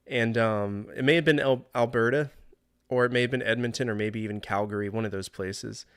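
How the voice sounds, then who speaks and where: A man's voice: medium pitch, fairly even intonation, a little fast, fairly bright tone, clear, resonant tone, dry recording, clean studio sound. A man in his thirties streaming a game live, joking, complaining sarcastically and chatting with viewers. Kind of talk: live gameplay commentary. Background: faint game music.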